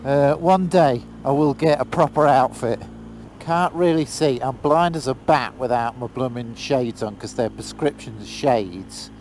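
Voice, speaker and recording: A British motorcycle vlogger chats casually into his helmet camera while riding outdoors in pouring rain, exclaiming and swearing now and then. His voice is medium-pitched and a little mellow, with slight background noise in this casual vlog commentary.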